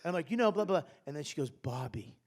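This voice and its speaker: A man's voice: sits high, animated, racing. A middle-aged man talking as a guest comedian on a live podcast, rambling and profane, with an audience in the room. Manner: rambling, profane, self-deprecating. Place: live comedy festival stage before an audience.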